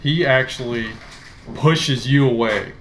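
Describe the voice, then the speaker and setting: A man running a tabletop game as dungeon master, telling the scene slowly and dramatically. He speaks into a headset at a mid pitch, with a faint hiss under the voice. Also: a bit bright. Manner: slow, dramatic storytelling.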